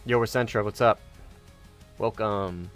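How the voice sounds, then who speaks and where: A man's voice: on the low side, steady tone, unhurried, faint music behind. A man streaming a game and chatting with viewers, rambling and correcting himself as he goes, with casual swearing. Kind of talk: casual gaming livestream chat.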